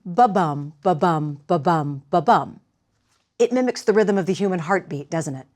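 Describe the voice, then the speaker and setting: Woman, acting teacher, measured lecture with demonstrations, faint background noise. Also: medium pitch.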